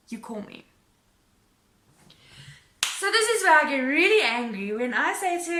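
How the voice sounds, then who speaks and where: A woman vlogger telling a story in an animated, exasperated way. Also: high voice, normal speed, pauses often. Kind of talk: storytime vlog. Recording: roomy echo.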